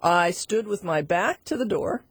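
A middle-aged woman teaching animal communication through a chatty, animated personal story, with frequent asides to her listener. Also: on the low side, measured pace, slightly rough, dry recording. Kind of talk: storytelling lesson.

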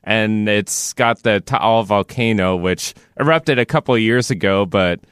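A man in a casual chat who explains things in a steady, detailed way. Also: on the low side, unhurried, smooth, dry recording, clean studio sound. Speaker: guest.

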